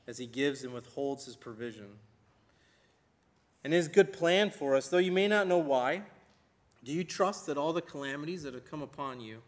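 Emphatic male preacher in a reverberant hall. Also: fairly high pitch. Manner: emphatic, slows down for scripture quotes. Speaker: pastor. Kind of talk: sermon.

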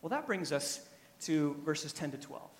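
A man preaching a sermon as pastor, emphatic, swinging from quiet asides to loud, pressing points. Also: on the high side, very animated, a little slow, creaky, in a large hall, a little hiss or hum.

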